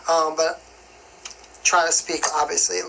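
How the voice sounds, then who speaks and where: A man's voice: on the high side, flat delivery, unhurried, vocal fry, pushed and bright, slight background noise, low-quality recording. A young man from New York with a light New York accent, casually answering viewer questions on a live stream in a rambling, chatty way. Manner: chatty and rambling, with constant "you know what I mean".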